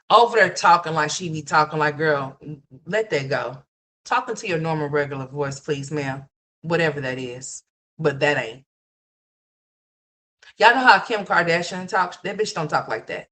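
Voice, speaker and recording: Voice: medium pitch, expressive, measured pace, pauses often, a bit bright. A livestream host giving ranting gossip commentary, blunt and profane, repeating points and talking straight to viewers.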